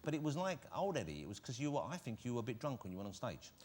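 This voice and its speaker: Quick, animated host. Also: male voice, medium pitch, breathy edge. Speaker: talk show host. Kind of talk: chat show banter.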